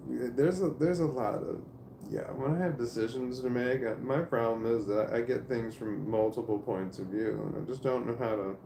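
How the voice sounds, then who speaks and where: A man talking casually to camera in a rambling, halting way, with restarts and swearing. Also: medium pitch, gravelly, mellow, a little hiss or hum. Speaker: vlogger. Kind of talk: casual spoken monologue to camera. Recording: roomy echo.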